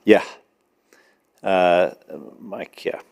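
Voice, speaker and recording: A man answering audience questions at a conference panel in a measured, explanatory way. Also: deep voice, little pitch movement, gravelly, darkish tone, clean tone. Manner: measured, explanatory, with some restarts.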